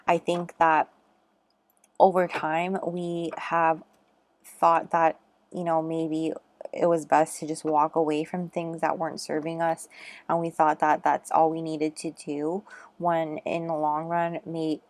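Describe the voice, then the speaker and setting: A woman's voice: sits low, little pitch movement, takes it slowly, darkish tone. A woman giving a casual, chatty tarot reading, earnest and encouraging, with lots of fillers. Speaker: tarot reader.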